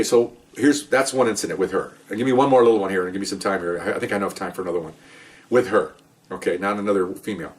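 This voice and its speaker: A man's voice: fairly low pitch, far from the mic. An older man, a retired police officer, telling rambling stories from the job in a casual way, with many restarts. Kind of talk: casual storytelling.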